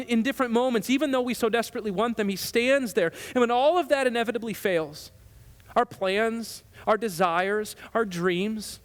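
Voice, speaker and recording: A man with a high voice preaches a sermon, talking to the people like a conversation and now and then stopping to correct himself. His voice rings out with a long church reverb. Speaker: pastor. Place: church sanctuary.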